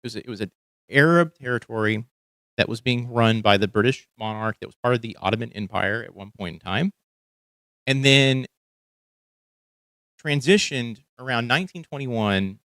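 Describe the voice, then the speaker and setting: A young man from Texas with only a faint trace of a Texan accent hosts a casual news podcast. He thinks aloud, full of fillers and restarts, at a middling pitch. The sound is dry and close, with no room around it. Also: normal speed, pauses often, fairly bright tone, no room sound. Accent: light Texan. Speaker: podcast host. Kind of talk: casual commentary on news clips.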